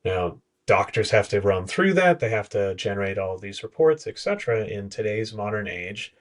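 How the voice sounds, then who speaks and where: A man's voice: lowish voice, lively intonation, moderate pace. A man appearing as a podcast guest, explaining with detailed examples and blunt asides. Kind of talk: conversational podcast discussion.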